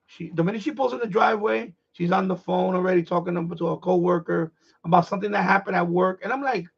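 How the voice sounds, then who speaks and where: A middle-aged man hosting a live stream, ranting in a blunt, profane, animated way in casual chat. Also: high voice, fast, vocal fry, husky, muffled recording.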